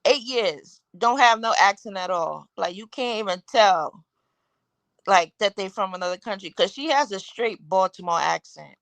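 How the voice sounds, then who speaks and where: A woman's voice: medium pitch, animated, normal speed, creaky, dry recording. A woman hosting a live talk show, rambling through her opinions and asking the audience one rhetorical question after another. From Caribbean. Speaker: host.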